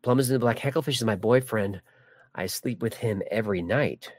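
A man's voice: on the low side, fairly quick, no room sound. A man hosting a live stream, chatting casually and joking while reading viewer comments. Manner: rambling, jokey, many restarts. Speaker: livestream host.

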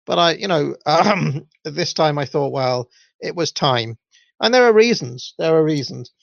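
Speaking unhurriedly with vocal fry, a young Welsh man rambles through listener comments as a podcast host, filling the gaps with ums and uhs. The audio is dull, low-fidelity and dry.

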